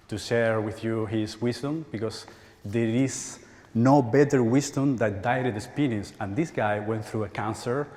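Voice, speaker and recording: A man in his forties with a Spanish accent, speaking English as a second language at a conference, halting and repeating words and laughing often. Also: medium pitch, a little mellow. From Spain. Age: 40s. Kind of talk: conference talk. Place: large church hall. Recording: hall reverb.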